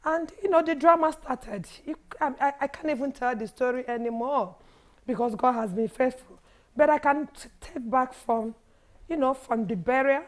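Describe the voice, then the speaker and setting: Hoarse Nigerian woman in her fifties. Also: high-pitched. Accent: Nigerian English. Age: 50s. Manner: halting, restarts and repeats as she recalls. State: hoarse, has lost her voice. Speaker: guest, widows' foundation founder. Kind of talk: personal testimony on a TV panel.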